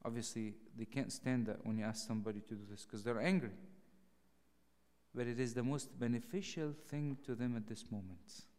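A clergyman teaching a Bible study in a lively, animated way, raising his voice to act out the dialogue. His voice sits at an ordinary male pitch. It rings with the long reverb of a large hall. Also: moderate pace. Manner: animated, acts out dialogue in raised voice.

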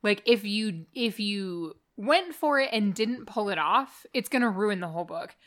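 A woman co-host chatting casually, giving thoughtful, measured replies. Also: medium pitch, expressive. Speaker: podcast co-host. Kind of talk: casual chat.

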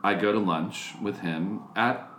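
Low-voiced man telling stories, echoey room. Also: measured pace, a bit bright, a little hiss or hum. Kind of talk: casual chat.

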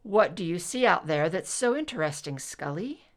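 A woman voicing a dry, teasing male FBI agent in a read-aloud story, with slightly lowered delivery and deadpan wisecracks. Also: moderate pace.

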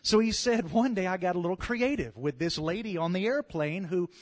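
A man with a Louisiana Southern accent preaching a sermon, building his lines up to loud calls and amens. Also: high-pitched, a little fast. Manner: animated, swells to loud calls of "come on" and "amen".

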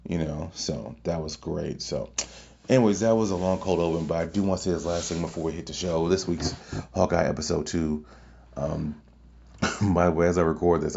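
A man hosting a podcast, telling a long casual story in a rambling, excitable way with many fillers and restarts. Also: low-pitched, lo-fi sound. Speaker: podcast host.

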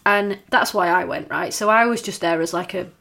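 A woman's voice: on the low side, normal speed, gravelly, sharp tone. A woman, chatting casually and swearing freely as a podcast co-host. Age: 30s. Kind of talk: casual chat.

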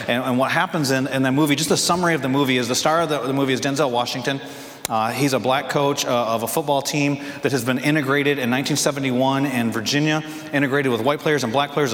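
A man preaching a sermon as pastor, telling a story in an animated way and acting out the lines. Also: mid-range voice. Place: church sanctuary. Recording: echoey church hall.

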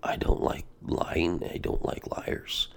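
A man hosting a devotional podcast as a pastor, talking casually and energetically, often saying "man" and "bro". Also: slow pace.

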